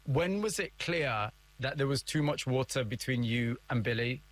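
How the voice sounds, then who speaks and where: A man interviewing a guest with probing questions and narrating between them in a measured way. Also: medium pitch, expressive.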